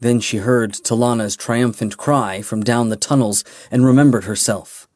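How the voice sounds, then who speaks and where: A man reading a fantasy audiobook in a measured, dramatic way. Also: medium pitch, steady tone, a little mellow, dry recording. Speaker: audiobook narrator. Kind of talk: scripted fantasy narration.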